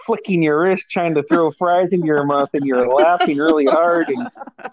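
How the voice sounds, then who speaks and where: Man, 40s, from alaska, animated storyteller, swears freely, very dry close sound. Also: on the high side, normal speed, no echo, rough recording. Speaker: podcast co-host. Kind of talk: casual chat.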